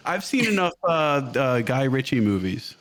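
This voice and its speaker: A man's voice: mid-range voice, big pitch swings, measured pace, fairly bright tone. A man in casual interview chat, joking and self-mocking, laughing often. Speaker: guest content creator.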